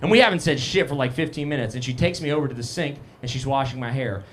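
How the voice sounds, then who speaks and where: A man's voice: mid-range voice, fast, fairly bright tone, a little hiss or hum. A young man performing a live stand-up set, chatting casually with the crowd in a self-deprecating way. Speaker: stand-up comedian. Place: live comedy cafe stage.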